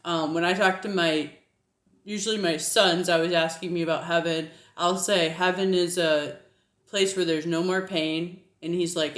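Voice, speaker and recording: A woman's voice: fairly low pitch, fairly even intonation, normal speed, reverberant. A woman with a faint Southern American twang, talking casually about faith, laughing often and using many fillers. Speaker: Christian apologetics video host. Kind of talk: casual teaching monologue.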